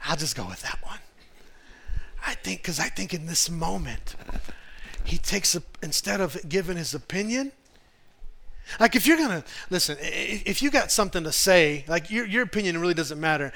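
A male pastor preaching a sermon to a congregation in an animated, humorous, conversational way. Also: high voice, normal speed. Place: church in front of a congregation.

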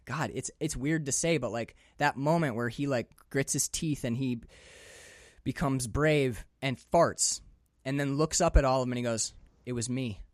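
A man's voice: mid-range voice, moderate pace, dry recording. A man riffing on a film in a podcast chat, his voice swinging through a wide range as he acts out lines and swears with gusto. The sound is dry and close, with no room around it. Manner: animated, swears freely, acts out characters' lines. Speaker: podcast co-host. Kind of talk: casual movie discussion.

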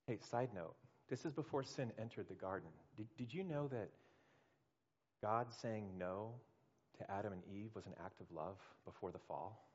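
A man preaching a sermon as pastor, animated and acting out the voices he quotes, from swelling to hushed. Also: fairly low pitch, normal speed, husky, dull audio.

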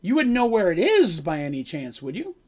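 A man's voice: sits high, huge pitch swings, brisk, a little mellow, slightly rough, heavily acted. A man voicing a nervous male adventurer who stammers and apologizes as he asks for help.

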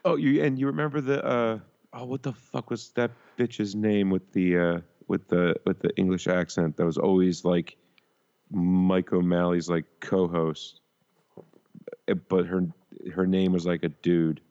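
Low and level, the man's voice comes at a measured pace with a mellow, lo-fi quality. Co-hosting a podcast, he rambles profanely through recollections in casual crude banter, often trailing off before finishing a thought.

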